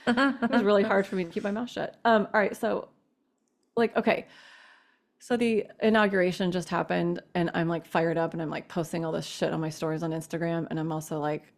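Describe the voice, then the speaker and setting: A woman's voice: on the low side, little pitch movement, a little fast. A woman co-hosting a podcast, talking through a question in a candid, rambling way, full of "like" and restarts, with a casual swear now and then. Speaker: podcast co-host asking a question. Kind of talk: casual chat.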